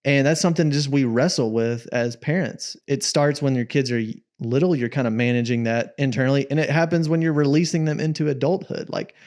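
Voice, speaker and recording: A man's voice: mid-range voice, fairly even intonation, a little fast, hardly any pauses, a little mellow. A man co-hosting a parenting podcast, reflecting and thinking aloud in casual conversation. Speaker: podcast co-host.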